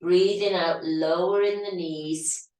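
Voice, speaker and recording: Slightly hoarse, slow-talking yoga teacher woman. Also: on the low side, distant mic. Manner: calm, steady breath cues. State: slightly hoarse, losing her voice. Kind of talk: guided yoga instruction. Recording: very echoey room, voice off-mic.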